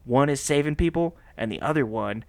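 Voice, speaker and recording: A man co-hosting a podcast, recapping a movie plot in a casual, animated way, laughing often and slipping into voices for the characters. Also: medium pitch, fairly quick, creaky. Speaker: podcast co-host.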